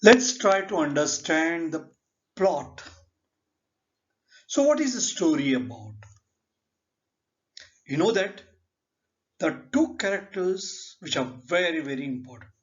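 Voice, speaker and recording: A man with an Indian English accent teaching a literature lesson, speaking slowly and deliberately and asking rhetorical questions. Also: a little high, sing-song. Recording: dull lo-fi recording.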